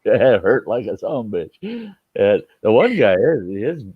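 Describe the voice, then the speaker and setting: A man's voice: fairly low pitch, wildly swooping pitch, measured pace, breathy edge, dry recording. A man hosting a late-night live stream. He tells stories in casual chat, laughs often and swears freely. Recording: dull lo-fi stream audio.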